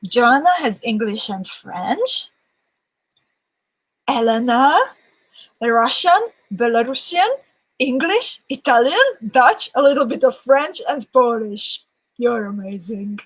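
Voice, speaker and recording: A woman's voice: a little high, expressive, slow pace, pauses often, fairly bright tone, breathy edge, rough recording. A woman hosting a live beading session in a casual, chatty way. She reads viewer comments aloud and often laughs between them. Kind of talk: casual livestream chat.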